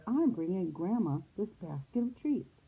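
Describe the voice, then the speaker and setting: A woman's voice: mid-range voice, big pitch swings, measured pace, vocal fry. A woman voicing a sweet, naive little girl in a red hood, speaking eagerly and politely. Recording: phone-like lo-fi sound.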